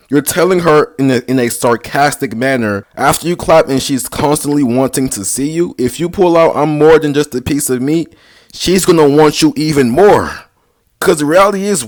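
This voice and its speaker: A young man rambling casually through dating advice, slangy and sarcastic, full of basketball lingo. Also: medium pitch. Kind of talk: casual vlog talk.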